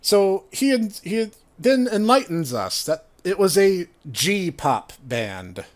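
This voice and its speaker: A man casually recounting tabletop game stories to a co-host, animated and laughing along the way. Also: high voice, slow. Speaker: podcast co-host, former tabletop player. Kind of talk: casual storytelling chat.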